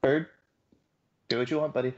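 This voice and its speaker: A young man playing a tabletop game, cracking deadpan jokes in casual chat, on dull lo-fi stream audio. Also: medium pitch, normal speed. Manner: joking, deadpan quips. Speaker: player.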